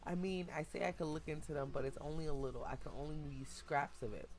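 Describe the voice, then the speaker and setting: A woman's voice: low voice, fast talker, darkish tone. A woman reading the lines of a polite, earnest seer who reads hearts. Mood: urgent.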